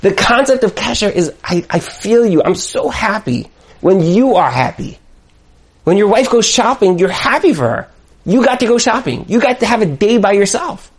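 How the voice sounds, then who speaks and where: High-voiced man giving a lively Torah talk. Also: moderate pace. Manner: animated storyteller, acts out quoted voices. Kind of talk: Torah talk with personal stories.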